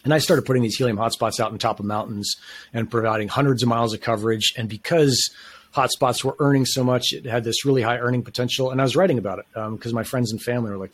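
A man's voice: mid-range voice, fairly even intonation, fast talker. A man talking as a podcast guest, telling a long story in a casual, enthusiastic, rambling way with plenty of slang.

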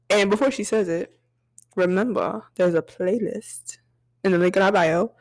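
A woman's voice: mid-range voice, normal speed, a little mellow. A young woman co-hosting a casual podcast, full of slang and ready laughter. She holds a mid-range voice and talks over her friends with easy energy. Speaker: podcast co-host. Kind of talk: casual chat.

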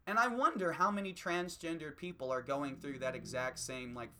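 Sharp-voiced man in a profane comedy rant. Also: fairly high pitch, moderate pace. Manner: profane, heated, ranting. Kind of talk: stand-up rant.

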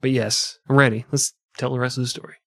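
A man's voice: medium pitch, fast talker, creaky, dry recording. A man co-hosting a comedy history podcast, joking and swearing in casual chat. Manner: profane, joking, animated. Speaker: podcast co-host.

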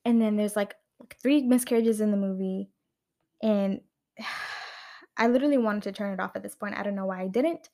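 A young woman reviewing a film on her vlog launches into a heated rant, swearing a lot and stumbling through fillers and restarts. Her voice is medium-pitched with a dark tone.

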